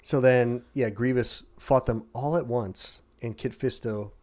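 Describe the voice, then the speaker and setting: A man co-hosting a casual podcast, recapping a story over beers with heavy swearing. He jumps into quick shouted impressions. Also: mid-range voice, fairly even intonation. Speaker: podcast co-host.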